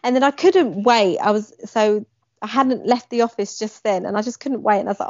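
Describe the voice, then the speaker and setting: A woman's voice: mid-range voice, moderate pace, no room sound. A young woman telling a personal story in conversation, animating the moments she describes. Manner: animated, acts out quoted lines with emphasis. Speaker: guest. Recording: dry, slightly dull lo-fi sound.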